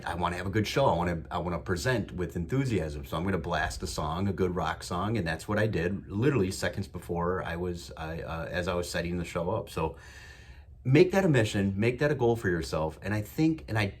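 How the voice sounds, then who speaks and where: Husky, lively-voiced man hosting a show. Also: deep voice. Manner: enthusiastic, repetitive, emphatic. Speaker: podcast host. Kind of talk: motivational monologue.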